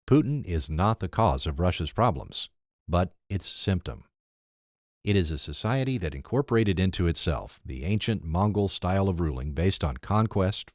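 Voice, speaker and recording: A man reading his own opinion essay aloud in a measured, emphatic way. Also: low voice, dry recording, studio quality.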